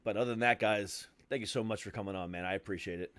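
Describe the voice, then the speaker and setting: A man's voice: on the low side, quick pace, fairly bright tone, smooth. A man hosting a podcast interview, joking and laughing in casual banter with a habit of swearing. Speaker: podcast host.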